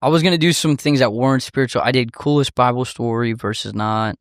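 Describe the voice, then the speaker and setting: A man's voice: mid-range voice, fast talker, no room sound. A man with an ordinary mid-range voice talks easily on a faith podcast, agreeable and chiming in often. The recording is dry and close. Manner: relaxed, agreeable, short backchannel replies. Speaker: podcast co-host. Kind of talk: casual chat.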